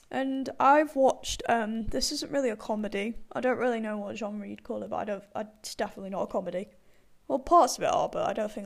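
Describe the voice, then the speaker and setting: A young woman rambling in a casual chat, full of fillers and frequent laughter. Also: mid-range voice. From partially Irish background.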